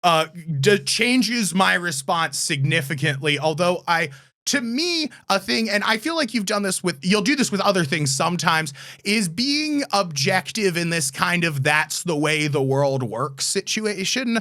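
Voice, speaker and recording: A man co-hosting a podcast, arguing his point in casual, rapid chat. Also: high voice, expressive, bright, forceful tone. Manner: argumentative, rapid interjections. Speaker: podcast co-host.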